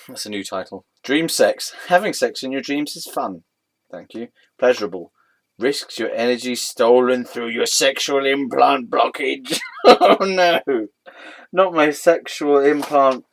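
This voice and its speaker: A man's voice: medium pitch, lively intonation, a little slow. A man reading a web page aloud and mocking it, often breaking into laughter and mock-dramatic outbursts. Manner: giggly, keeps breaking into laughter.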